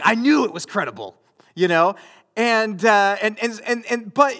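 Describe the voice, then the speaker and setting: A man with a high voice preaches to a congregation. He talks casually and directly to the room, and now and then gets louder and more emphatic. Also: animated, fairly quick. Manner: conversational preaching, rising to loud emphatic bursts. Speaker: pastor. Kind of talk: sermon.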